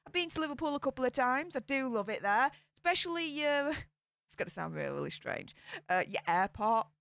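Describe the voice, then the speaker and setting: A woman's voice: mid-range voice, fairly bright tone, dry recording, clean studio sound. A young woman with a Yorkshire accent chatting casually on a live stream, greeting viewers by name. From England.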